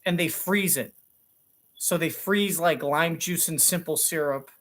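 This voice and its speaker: A man's voice: on the high side, unhurried, fairly bright tone. A middle-aged talk show co-host in a sarcastic, exasperated comic rant, swearing as he goes.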